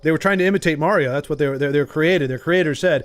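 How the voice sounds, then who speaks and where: A man's voice: fairly high pitch, expressive, quick pace, few pauses, soft background music. A man streaming a video game, chatting casually and jokingly with his viewers in a rambling way. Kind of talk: casual live-stream chat.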